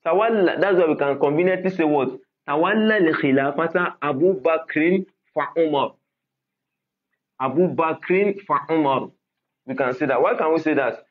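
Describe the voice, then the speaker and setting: Male grammar teacher, fairly high voice, quizzing style with rhetorical questions, lo-fi phone-line sound. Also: moderate pace. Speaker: Arabic grammar lecturer. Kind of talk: classroom lecture. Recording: tinny phone-like audio.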